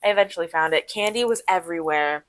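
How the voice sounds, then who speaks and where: A young woman in college, co-hosting a podcast, telling a long personal story in a rambling, animated way with quick asides. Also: on the low side, dry recording. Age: young adult. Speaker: podcast co-host. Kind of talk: casual storytelling chat.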